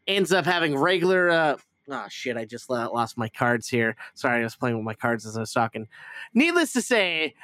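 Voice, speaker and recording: A man retells a movie plot in a loose, rambling chat, swearing often and slipping into goofy voices for the characters. His voice sits a little high, bright and crisp. The sound is dry and close. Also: no room sound. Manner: rambling, profane, acts out lines with silly voices. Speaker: podcast host reviewing a movie. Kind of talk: casual chat.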